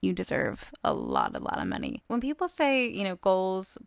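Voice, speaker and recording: Woman in her 20s chatting on her own podcast, bit of vocal fry, dry close sound. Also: mid-range voice, wildly swooping pitch, normal speed, dry recording. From United States. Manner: chatty and upbeat, many fillers, laughs often. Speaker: podcast host. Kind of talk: solo podcast monologue.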